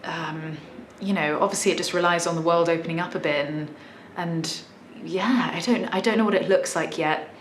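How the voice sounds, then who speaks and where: A woman's voice: on the low side, moderate pace, hardly any pauses, reverberant, slight background noise. A woman in her thirties with a southern English accent, chatting thoughtfully in a casual question-and-answer vlog. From south of England. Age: 30s. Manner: chatty, thoughtful, many small restarts. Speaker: musician vlogger.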